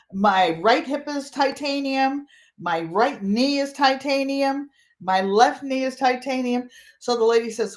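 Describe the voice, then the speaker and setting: An older woman from Connecticut, host of a quilting channel, telling a funny travel story in a casual, animated way and acting out the voices of people in it. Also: fairly high pitch. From Connecticut, USA. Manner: animated, comic, acts out voices in her story.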